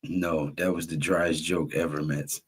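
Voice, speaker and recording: A man's voice: lowish voice, measured pace. A man hosting a live game-watch stream, greeting chat viewers by name and calling the plays like a broadcaster. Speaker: host.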